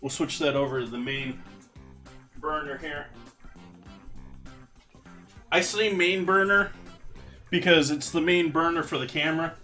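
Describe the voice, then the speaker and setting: A man's voice: on the high side, measured pace, long pauses, bright, forceful tone, faint music behind. A man hosting a live cooking stream, chatting loosely with viewers while he works. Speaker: cooking livestream host. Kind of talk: casual live cooking chat.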